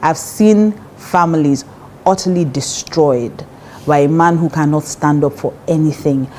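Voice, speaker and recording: A woman's voice: deep voice, unhurried, a little mellow, slight background noise. A woman with a Nigerian accent giving relationship advice in a casual, emphatic talk, often acting out the voices of people she quotes.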